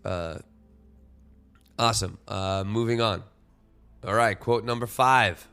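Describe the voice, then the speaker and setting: A man's voice: fairly low pitch, fairly even intonation, slow pace, gravelly, bright, forceful tone, clear, resonant tone, soft background music. A man in his forties hosting a solo podcast, talking reflectively and rambling with lots of "you know" fillers and restarts. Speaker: podcast host.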